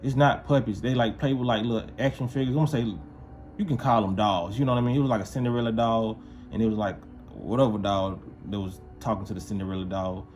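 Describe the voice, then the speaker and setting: A man's voice: lowish voice, steady tone, fast talker, a little mellow, soft background music. A man telling a casual story to camera, loose and repetitive, often checking that his listener follows. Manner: loose, repetitive, keeps asking "you feel what I'm saying".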